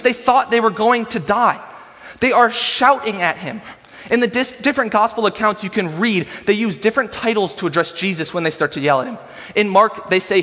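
Brief: male pastor, high voice, laid-back slangy sermon in a church with long hall reverb. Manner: casual, animated storytelling with slang.

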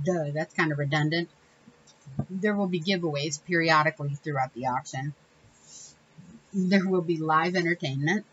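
In a relaxed crafting tutorial, a woman hosts her channel with rambling, self-correcting talk and little laughs. She has a deep yet fairly bright voice at a moderate pace with long pauses; the highs are cut off and there's slight background noise.

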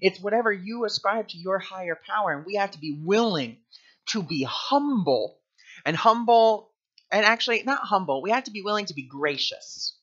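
Earnest bright-voiced man, lo-fi sound. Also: high-pitched, animated, fast talker, few pauses. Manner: earnest, candid, personal. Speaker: spiritual teacher. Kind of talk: spiritual teaching monologue. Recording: dull lo-fi sound.

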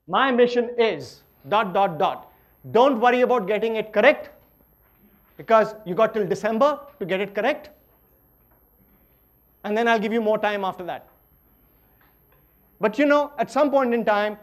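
A middle-aged man with an Indian English accent giving a lively, playful workshop lecture that swings between loud emphasis and quiet asides. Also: sits high.

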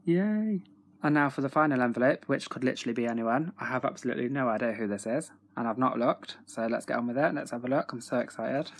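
A young man with a freely swearing, excitable manner, chatting casually at home in a video diary. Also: medium pitch, fast talker, few pauses. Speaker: autograph collector vlogger.

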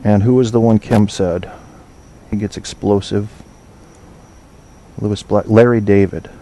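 A man's voice: on the low side, steady tone, unhurried, mellow. A man hosting an online talk show, chatting casually with listeners, rambling, swearing and trailing off while he hunts for names. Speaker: podcast host.

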